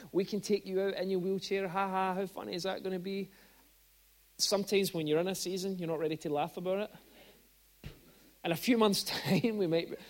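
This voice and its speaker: A man with a notably high voice gives a sermon at a church service. He talks like he is chatting, tells stories, and climbs into emphatic peaks. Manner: conversational storytelling, with bursts of rising emphasis. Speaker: guest preacher.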